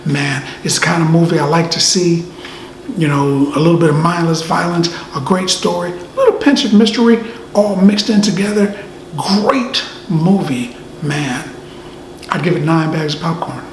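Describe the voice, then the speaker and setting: A man giving a casual movie review, easygoing and animated, often tacking "man" onto his sentences. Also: a little high, normal speed. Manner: laid-back, says "man" often, animated asides. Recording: echoey room, faint ambient noise.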